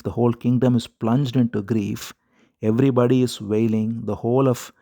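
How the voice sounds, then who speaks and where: A man teaching a devotional scripture, retelling the story at a measured pace and repeating words as he searches for them. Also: medium pitch, mellow.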